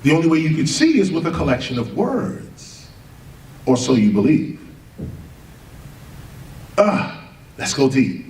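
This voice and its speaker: Animated man lecturing in a roomy hall. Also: on the high side. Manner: rhetorical questions, spelling words out, emphatic. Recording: roomy, distant live lecture recording with faint ambience.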